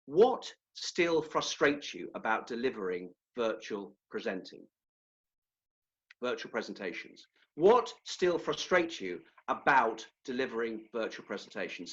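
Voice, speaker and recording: A man leading a webinar as a presentation skills trainer, animated and demonstrative, sometimes correcting himself mid-phrase. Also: medium pitch, a little slow, dull audio.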